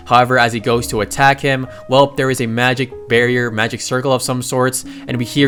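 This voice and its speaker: A man casually recapping a comic story, excitable and slangy, often breaking in with exclamations. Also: medium pitch, brisk, few pauses, faint music behind. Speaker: manhwa recap narrator.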